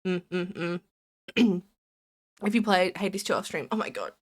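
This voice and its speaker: A woman's voice: lowish voice, measured pace. A woman streamer chatting casually to her viewers, rambling and giggly, while sick with a cold. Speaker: live streamer. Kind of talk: casual live-stream chat.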